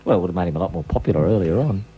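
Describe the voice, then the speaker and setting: An Australian man co-hosting a radio comedy show, trading improvised banter with mock-serious, deadpan asides. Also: sits low, very fast, husky, highs cut off.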